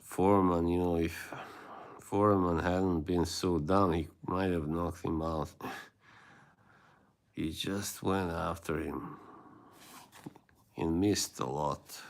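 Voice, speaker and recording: Deep, slow-talking man chatting with viewers. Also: fairly even intonation, creaky. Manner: rambling, laughs often, reacts to chat. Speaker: livestream host. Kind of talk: casual chat with viewers.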